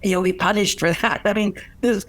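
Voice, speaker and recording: An older man giving relationship advice in a lively storytelling way, acting out what people said and laughing often. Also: high-pitched, moderate pace, dry recording. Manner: animated, acts out quoted voices, laughs often. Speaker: relationship author and guest.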